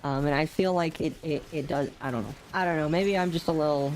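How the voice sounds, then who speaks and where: A woman's voice: deep voice, a little fast, darkish tone, slight background noise. A young adult woman chatting casually on a game stream, sleepy and yawning often, self-deprecating as she reads chat aloud. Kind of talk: casual live-stream chat while gaming.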